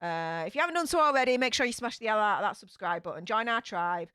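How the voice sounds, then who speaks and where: Yorkshire woman hosting a live chat, bright and bouncy, upbeat, reads comments out loud. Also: medium pitch, expressive, quick pace, clear, resonant tone, no echo, studio quality. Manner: chatty, upbeat, thinks aloud. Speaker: livestream host. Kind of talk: casual live chat reading viewer comments.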